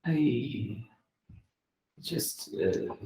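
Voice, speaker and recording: A player voicing a wary, suspicious character whose put-on German accent keeps drifting into French, speaking slowly and formally with hesitations. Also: medium pitch, expressive, dark tone, reverberant. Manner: slow, measured, formal speech with hesitations. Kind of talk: tabletop role-play in character.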